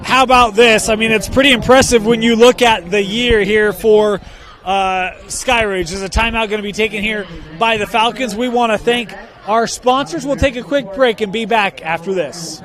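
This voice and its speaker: A man doing play-by-play commentary on a high school football game, brisk in his calls and bantering with his co-host. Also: fairly bright tone. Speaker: play-by-play announcer. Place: stadium press box.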